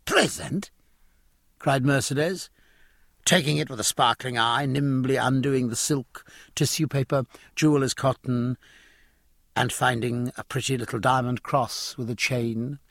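Husky, expressive male audiobook narrator. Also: mid-range voice, dry recording, clean studio sound. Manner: expressive, measured storytelling. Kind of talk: scripted narration.

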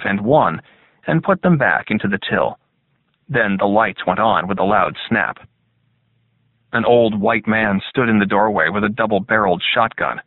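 In a fairly low voice, a male narrator reads a scripted audiobook at a steady, even pace. The audio has a thin, phone-like quality and is completely dry, without any echo.

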